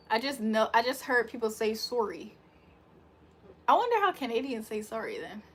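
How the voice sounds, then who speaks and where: A woman's voice: mid-range voice, fairly bright tone, slightly rough. A young woman hosting a casual livestream, chatting loosely with her viewers, joking and laughing often. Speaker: livestream host reading chat.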